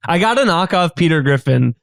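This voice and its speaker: A man with a fairly high voice chats as a guest on a comedy podcast. He rambles and interrupts himself, and the sound is dry and close with almost no room. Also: sing-song, fairly quick, creaky, no room sound. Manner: rambling, self-interrupting, with lots of restarts. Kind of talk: casual comedy podcast chat.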